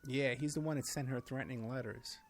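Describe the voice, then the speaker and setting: A man's voice: mid-range voice, fairly even intonation, brisk, a little hiss or hum. A man who is a guest in a casual conversation, agreeing often and laying out details with hesitant fillers.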